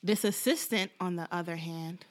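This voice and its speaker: A woman's voice: on the low side, moderate pace. A woman co-hosting a casual TV recap, playfully acting out the characters' lines. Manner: playful, animated, acts out dialogue. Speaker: podcast co-host.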